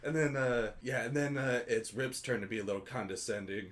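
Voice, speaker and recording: A man co-hosts a podcast in a mid-pitched voice. He talks loosely through a movie plot and keeps breaking into amused laughter. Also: brisk, fairly bright tone. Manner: laughs often while recapping, loose and amused. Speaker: podcast co-host. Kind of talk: casual movie recap chat.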